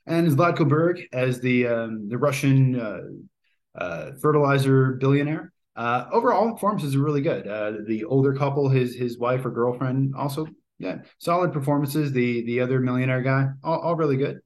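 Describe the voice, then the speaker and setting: A man's voice: mid-range voice, moderate pace. Rambling man reviewing a movie. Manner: rambling, many fillers and restarts. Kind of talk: casual spoken movie review.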